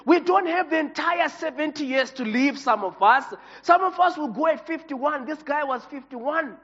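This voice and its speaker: Pastor, male, very high voice, passionate emotional sermon; recorded in a reverberant hall with a dull lo-fi sound. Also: expressive, normal speed, fairly bright tone.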